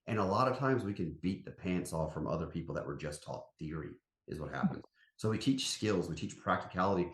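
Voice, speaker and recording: A man with a drawl talks as an interview guest, folksy and emphatic, his pitch swinging widely as he tells his stories. His voice carries a noticeable room echo. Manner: animated storyteller, folksy and emphatic. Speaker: company CEO, podcast guest. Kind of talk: casual interview chat. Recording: roomy echo.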